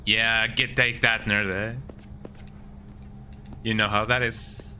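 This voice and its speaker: Male game streamer, sick with a cold, easygoing chatter, very bright voice. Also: on the low side, little pitch movement, takes it slowly, slight background noise. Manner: laid-back chatter, tags lines with "eh?". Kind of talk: casual game commentary.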